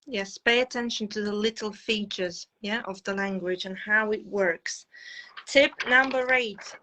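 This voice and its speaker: Brief: young female English teacher, crisp bright tone, emphatic, repeats key phrases. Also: medium pitch, unhurried, slight background noise, poor audio. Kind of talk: conversational English lesson.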